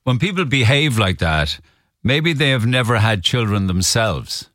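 Lively, dry-sounding male radio host. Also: medium pitch, a little slow, no room sound. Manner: sympathetic, brief interjections. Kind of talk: talk radio.

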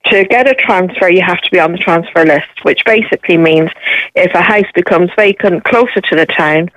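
An Irish woman calling in to a radio show, laying out her situation in a measured, matter-of-fact way. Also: fairly low pitch, a bit bright, no room sound, low-quality recording. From Ireland. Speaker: caller. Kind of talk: phone-in interview.

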